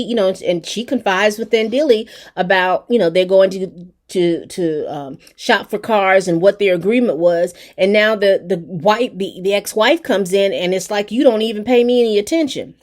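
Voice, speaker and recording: A woman's voice: mid-range voice, normal speed, darkish tone. A woman giving a casual, chatty recap and review of a TV episode, talking straight to her viewers. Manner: chatty and colloquial, addressing viewers directly. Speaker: TV show reviewer.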